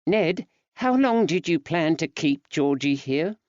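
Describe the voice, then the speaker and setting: A man's voice: on the high side, animated, slow pace, a little mellow, dry recording, voice pushed up. A man lifts his voice into a fond, fretful wife from an old-time storybook, earnest and chatty, her tone rising and falling a lot. The recording is dry and a little dull.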